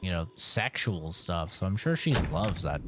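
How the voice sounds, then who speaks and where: A man's voice: sits low, sing-song, a little slow, noisy background. A man streaming a video game, rambling through a casual story with lots of fillers and swearing.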